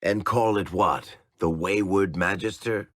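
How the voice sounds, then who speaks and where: A man's voice: low-pitched, a little slow, fairly bright tone, no echo, studio quality. An actor playing a wry, teasing middle-aged male dwarf storyteller in sarcastic video game companion banter.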